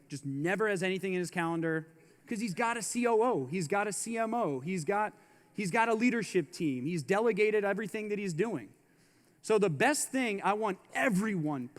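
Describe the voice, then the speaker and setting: High-pitched man giving a punchy hall speech. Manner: emphatic, repeats slogans, slangy asides. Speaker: keynote speaker. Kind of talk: motivational business speech. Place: large conference hall. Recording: live hall with long reverb.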